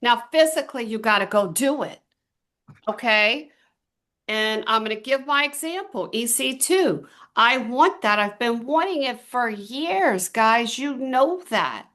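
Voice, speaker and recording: A middle-aged woman giving a motivational talk to a small group, telling stories with emphatic, drawn-out stresses. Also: on the high side, animated, fairly bright tone. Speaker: team trainer.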